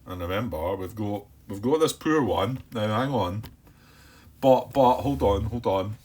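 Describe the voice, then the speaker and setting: A man playing a board game solo, thinking aloud in a hesitant way, repeating words, questioning himself and calming himself down by name. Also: fairly low pitch, unhurried, slightly rough. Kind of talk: thinking-aloud playthrough commentary.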